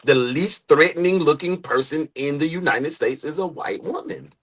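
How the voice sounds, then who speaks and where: A man hosting a true crime reaction live stream, reading chat comments aloud with animated, loud asides. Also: fairly high pitch, normal speed.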